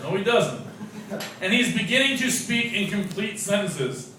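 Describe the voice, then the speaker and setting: A man doing a stand-up set, swinging from loud, profane outbursts to muttered asides. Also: sits high, expressive, unhurried. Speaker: stand-up comedian, English teacher. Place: comedy club stage before a laughing audience. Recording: echoey club, mic from far off, crowd noise. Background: laughing audience.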